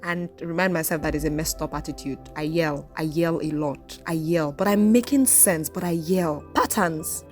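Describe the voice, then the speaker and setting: A woman hosting her own podcast, talking straight to listeners in an outspoken, expressive, preaching way. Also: on the low side. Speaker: podcast host. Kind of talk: reflective solo podcast monologue.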